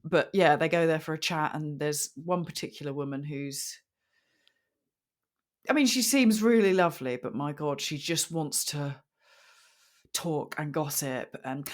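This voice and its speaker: A woman's voice: low-pitched, unhurried. A British woman co-hosting a podcast, chatting casually in a frank, sweary way with dry self-mocking humor. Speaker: podcast co-host. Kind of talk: casual chat.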